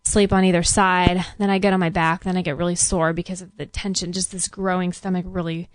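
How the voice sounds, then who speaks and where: A pregnant woman in her thirties co-hosting a podcast, telling her story in casual, animated chat and a little short of breath. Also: fairly low pitch, a little fast, no room sound. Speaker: podcast co-host.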